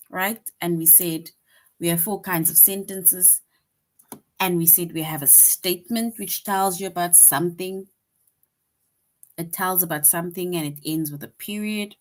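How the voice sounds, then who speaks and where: A woman teaching a grammar lesson to young children, patient and repetitive, checking in with "right?" after each point. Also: on the low side.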